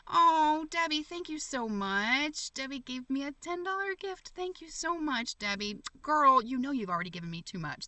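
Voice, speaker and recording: Bright, chatty woman live-streaming. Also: on the high side, dry recording, recorded from a distance. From United States. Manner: chatty and effusive, laughs often, many fillers and restarts. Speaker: livestream host reading chat. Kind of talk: casual live-stream chat.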